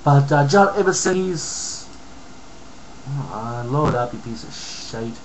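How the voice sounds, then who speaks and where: A man's voice: mid-range voice, expressive, slow, a little hiss or hum, rough recording. A man from Canada ranting angrily on a home vlog, reading comments aloud with lots of profanity and mumbled asides. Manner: angry, profane, heated rant with mumbled asides. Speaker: vlogger.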